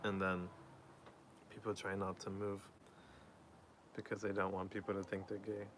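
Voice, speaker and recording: A man's voice: low voice, monotone, normal speed, fairly bright tone, slight background noise. A man chatting casually on a live stream, reading out viewer messages and answering them.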